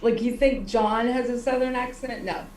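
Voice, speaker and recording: A woman co-hosting a casual online chat show, chatty and quick to giggle. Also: fairly high pitch, steady tone, a little mellow, a little hiss or hum. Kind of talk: casual video-call chat. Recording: echoey room, distant mic.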